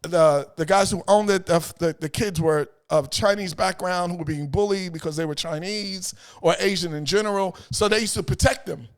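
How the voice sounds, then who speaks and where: A middle-aged man, telling stories as an interview guest in an animated way, repeating phrases and acting out voices. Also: high-pitched, normal speed, few pauses, clean tone. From New York. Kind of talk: casual storytelling chat.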